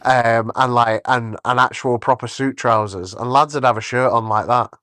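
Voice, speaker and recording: A man hosting a podcast, bantering in a lively way with quick restarts. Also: medium pitch, no room sound, clean studio sound. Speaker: podcast host. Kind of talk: casual chat.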